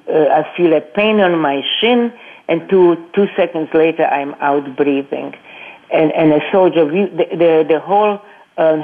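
An older woman, a guest on a radio interview, telling her life story in a halting, earnest way, repeating words and restarting sentences. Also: deep voice. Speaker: guest, Holocaust survivor speaking to students. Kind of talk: personal testimony in a radio interview. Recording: tinny phone-line radio audio.

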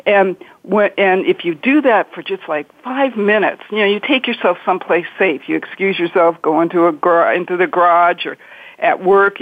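A woman's voice: on the low side, no echo. Woman therapist on a tinny phone line. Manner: earnest, acts out angry inner speech. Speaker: marriage and family therapist guest. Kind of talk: interview advice.

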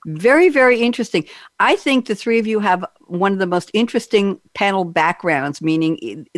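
A woman's voice: medium pitch, dry recording, clean studio sound. An older woman hosting a panel show as a broadcaster, chatty with self-deprecating humor.

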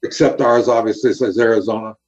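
Highs are cut off in this clip of a man, once a highway patrol officer, recounting a story during an interview. His delivery is a little fast, earnest and animated, with the quotes acted out.

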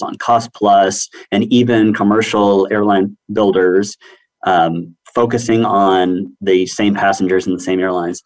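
Guy on a panel talking shop, lowish voice, kinda rambly. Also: rough recording. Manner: rambling, many restarts. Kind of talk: conversational business discussion.

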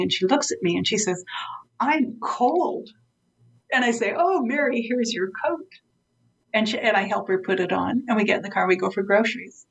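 A woman's voice: mid-range voice, vocal fry, low-quality recording. A woman guest in an interview, a vivid storyteller who acts out the dialogue as she explains dementia care.

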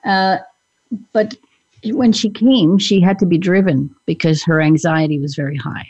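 A woman's voice: on the low side, unhurried, darkish tone, breathy edge, dry recording, muffled recording. A woman hypnotherapist co-hosting a podcast, talking earnestly about her work with clients in casual chat. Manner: earnest, speaks from client experience.

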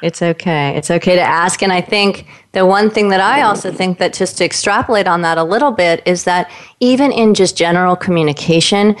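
A woman in casual conversation, telling stories in an animated way and acting out what the people in them said. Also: fairly low pitch, brisk, a little hiss or hum. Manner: animated storyteller, voices the people in her stories.

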